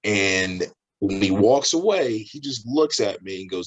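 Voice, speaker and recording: A professional wrestler tells a story in a casual interview, laughing and animatedly imitating the voices of the people involved. His voice is on the low side, slightly rough and a little slow, and the audio sounds dull.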